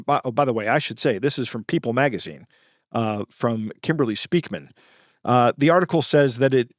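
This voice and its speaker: A man co-hosting a podcast, recounting news stories in a casual, halting way with many fillers and self-corrections. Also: fairly high pitch, no room sound, studio quality. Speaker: podcast co-host.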